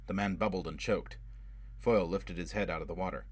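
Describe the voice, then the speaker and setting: A man reading a novel aloud as an audiobook narrator, in a steady, measured way. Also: sits low, no room sound. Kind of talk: scripted narration.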